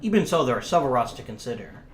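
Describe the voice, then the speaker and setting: A man voicing a terse older English gentleman traveller, clipped and formal. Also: mid-range voice, big pitch swings, rapid-fire, lightly acted. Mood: composed. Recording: echoey room, faint hiss.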